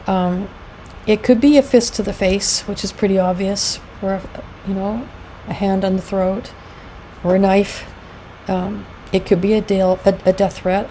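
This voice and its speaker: A middle-aged woman presents an educational talk in a loose, conversational way, full of fillers and acted-out quotes. Her voice is mellow and soft-edged, set at an ordinary middle pitch. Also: normal speed, slight background noise, poor audio. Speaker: founder of a domestic abuse support group, presenter.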